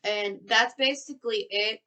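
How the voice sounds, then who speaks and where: A young woman with a Southern US accent, co-hosting a casual vlog and telling stories in an animated way, with lots of "like". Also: a little high, measured pace. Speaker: co-host. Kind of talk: casual chat.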